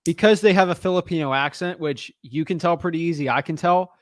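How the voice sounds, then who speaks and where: A man's voice: fairly high pitch, a little fast, dry recording, clean studio sound. A man coaching on real estate wholesaling, blunt and casual, calling people man and dude. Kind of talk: casual advice on a call.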